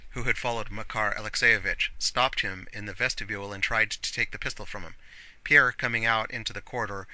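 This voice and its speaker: A man reading a novel aloud as an audiobook narrator in an earnest, measured way. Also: lowish voice, sharp tone, dry recording, low-quality recording.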